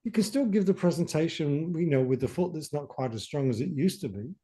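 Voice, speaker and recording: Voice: medium pitch, animated, brisk, mellow, husky. A coach in casual conversation, enthusiastically recounting a session with a client. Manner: enthusiastic, retells an exchange with a client. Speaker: intuition coach.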